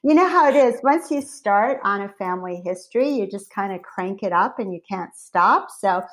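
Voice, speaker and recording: Lively middle-aged woman telling a story. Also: medium pitch, moderate pace. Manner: lively, animated storyteller with laughs. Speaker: company founder, guest. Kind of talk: conversational storytelling.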